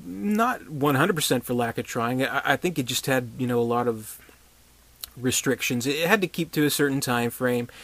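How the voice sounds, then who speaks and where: A man's voice: mid-range voice, a bit bright. A man giving a casual, rambling movie review, sarcastic and profane, with many restarts and chuckling asides.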